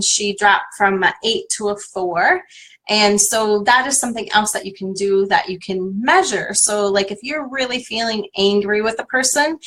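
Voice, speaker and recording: Woman, tapping coach, encouraging step-by-step guidance, sharp bright tone, live stream. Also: medium pitch. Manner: encouraging, step-by-step instructions to viewers. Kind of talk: guiding a live tapping session. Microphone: livestream webcam.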